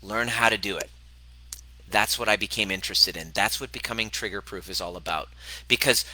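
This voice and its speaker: A man in his forties, acting as host and coach, gives a motivational self-help talk, blunt and swearing freely with emphatic, swooping pitch. His brisk, sharp voice is captured with no echo on poor audio.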